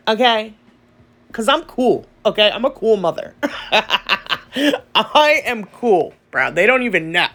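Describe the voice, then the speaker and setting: Slightly high and a bit bright, the voice of a nail art YouTuber and host rambles chattily through stories in her voiceover. She laughs a lot and addresses her viewers as y'all.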